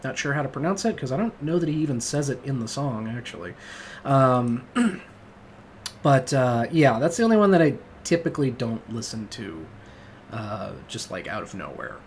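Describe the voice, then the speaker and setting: A man's voice: mid-range voice, very animated, moderate pace, slight background noise. A man hosting a casual music review monologue, rambling and enthusiastic, with lots of fillers and swearing. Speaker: music podcast host.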